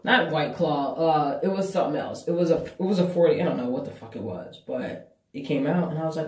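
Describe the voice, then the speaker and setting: A woman's voice: deep voice, quick pace, darkish tone, far from the mic. Woman, casual storytime vlog, blunt and profane, echoey bathroom. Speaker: vlogger.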